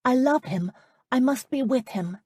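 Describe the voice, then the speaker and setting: A woman's voice: sits high, animated, a little slow, a little mellow, husky, no room sound, clean studio sound, pitched above the performer's own voice, exaggerated voice. A woman reading the lines of a defiant young noblewoman, urgent and determined.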